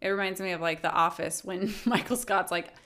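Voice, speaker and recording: A woman's voice: fairly low pitch, a little fast, a bit bright. A woman hosting a podcast in casual chat, supportive, with short agreeing replies. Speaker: podcast host.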